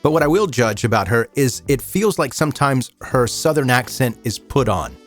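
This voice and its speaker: Male podcast host, mid-pitched, measured narrator turned easygoing chatter, faint music underneath. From American South. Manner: measured, somber storytelling then relaxed and chatty. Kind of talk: true crime narration and casual listener chat.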